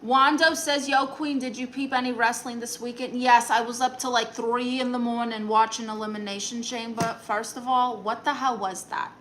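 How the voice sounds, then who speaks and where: A woman's voice: on the high side, fairly even intonation, moderate pace, hardly any pauses, fairly bright tone, slight background noise, low-quality recording. A woman streaming live in a comic aunt persona, reading chat messages aloud and firing back sassy, dry comebacks.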